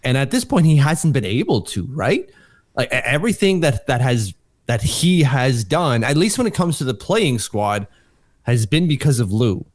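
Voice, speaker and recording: A man co-hosting a hockey podcast, excitable and casual, often restarting his sentences and swearing now and then. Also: medium pitch, moderate pace, dry recording, studio quality. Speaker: podcast co-host.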